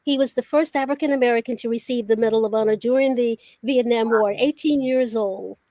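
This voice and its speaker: With a high, light voice, this older journalist on a talk show tells stories animatedly, slipping into the voices of the people she quotes. The recording is brisk, dry and close, with almost no room around it.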